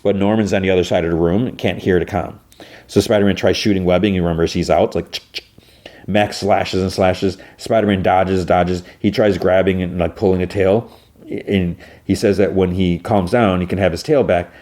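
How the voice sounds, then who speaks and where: A man's voice: deep voice, fairly even intonation, brisk, a little mellow. A man hosting a podcast, casually recapping an episode in a rambling way with lots of fillers. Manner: rambling, full of fillers and restarts. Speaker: podcast host.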